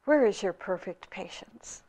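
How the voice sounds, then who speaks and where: A woman voicing a calm, gently teasing old male spiritual teacher in a slow, soft way. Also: medium pitch, natural voice.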